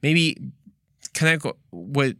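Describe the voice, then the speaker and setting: A man's voice: on the high side, lively intonation, very slow, sharp tone, clean tone, dry recording, clean studio sound. A man hosting a faith podcast, talking to listeners in an earnest, conversational way that turns preachy, with playful asides. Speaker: podcast host.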